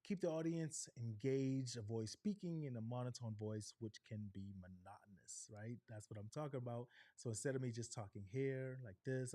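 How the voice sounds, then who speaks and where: A middle-aged man coaching a live online workshop, animated, deliberately shifting his pace and pitch and often checking in with "right?". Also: no room sound, clean studio sound. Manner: animated, varies pitch and pace on purpose, frequent "right?" tags. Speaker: on-camera presentation coach.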